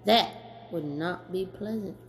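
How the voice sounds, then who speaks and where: A woman's voice: fairly low pitch, unhurried, pitched below the performer's own voice. A woman voicing a silly, fretful old male owl in a storybook read-aloud, exclaiming in a raised put-on voice. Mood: worried.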